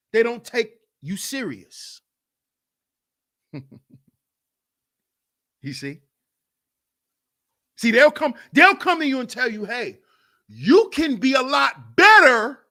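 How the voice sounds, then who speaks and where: A man hosting a livestreamed podcast, talking in an animated, mocking way and often asking "you see?". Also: high voice. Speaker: podcast host. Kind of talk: livestream commentary.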